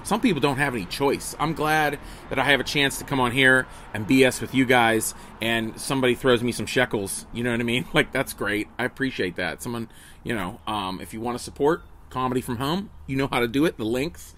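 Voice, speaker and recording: A middle-aged comedian rambles jokily to his viewers, full of asides and restarts. His voice is bright and forceful. It is a phone recording made outdoors, with faint traffic behind him. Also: medium pitch, a little fast. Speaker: comedian hosting a daily livestream. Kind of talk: casual chat to viewers. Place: outdoors at a table beside a house. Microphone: phone on camera.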